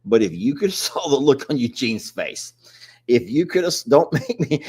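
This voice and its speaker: A man's voice: medium pitch, big pitch swings, moderate pace, a little mellow, husky. A man, co-hosting a live stream in a rambling, chatty way and laughing often. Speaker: livestream co-host. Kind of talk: casual chat.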